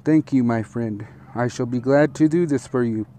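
A man's voice: mid-range voice, moderate pace, mellow, slight background noise, natural voice. A man voicing a hungry, humble male fox in a storybook, speaking politely and pleading.

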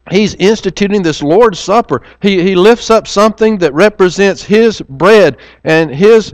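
A man's voice: high voice, dry recording. A man preaching a sermon, telling a personal story earnestly and often repeating words as he restarts.

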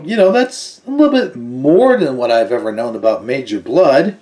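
Male toy-review host, slow and easygoing delivery, mid-pitched, casual chat. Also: expressive, warm tone, reverberant, recorded from a distance. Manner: slow, unhurried, chatty with fillers. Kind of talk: casual toy review, reading file card aloud.

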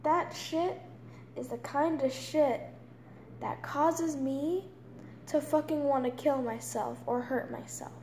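A young woman in her late teens venting in an angry, profane rant, swinging between loud outbursts and hushed whispers. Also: sits high, slow pace. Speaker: vlogger. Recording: roomy echo with faint background noise.

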